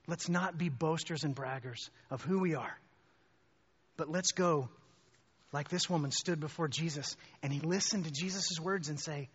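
A man preaching a sermon, telling a personal story in an animated way and climbing high and loud when excited. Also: moderate pace, husky. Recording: muffled hall with long reverb.

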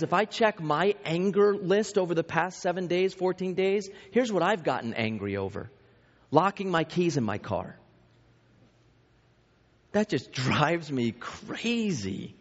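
A pastor in his thirties or forties preaching a sermon in a conversational way, telling anecdotes about his own family. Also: fairly high pitch. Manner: conversational, with self-deprecating family anecdotes and many restarts. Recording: reverberant hall, dull lo-fi sound.

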